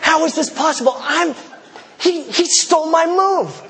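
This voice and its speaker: A man's voice: extremely high pitch, a little slow, gravelly, a crowd in the background, noisy background, pitched above the performer's own voice, heavily acted. A man playing a baffled, panicky lion. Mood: bewildered. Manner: panicky, disbelieving exclamations. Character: bewildered male lion, proud king of the jungle. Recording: long hall reverb.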